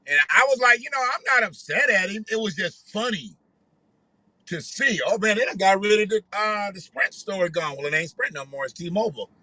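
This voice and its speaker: A man's voice: high voice, lively intonation, normal speed, sharp tone, dry recording, low-quality recording. A man hosting a casual reaction commentary, joking and talking loosely with some profanity. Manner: laughing, joking, loose and profane street talk. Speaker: commentary vlog host.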